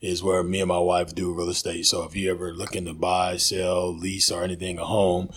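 A man's voice: low voice, level tone, fairly quick, husky. A man who is a guest on a podcast, chatting casually in a laid-back way. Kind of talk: casual chat.

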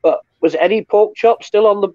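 A man's voice: sits high, moderate pace, a little mellow, dry recording, dull audio. A British man co-hosting a live talk show, telling stories in a chatty, wry, joking way. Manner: chatty storyteller, wry and jokey. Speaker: co-host. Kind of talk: casual live show chat.

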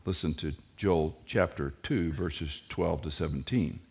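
A middle-aged man preaching a sermon, animated and joking, who jumps into high mock voices when quoting kids and parents. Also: unhurried, creaky, slightly rough. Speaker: pastor.

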